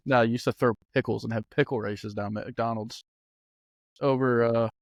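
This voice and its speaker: A man's voice: medium pitch, steady tone, normal speed, dry recording. A man in his thirties co-hosting a podcast in a studio, telling stories in a laid-back way and laughing often. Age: 30s. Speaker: podcast co-host. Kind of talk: casual chat. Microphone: studio mic.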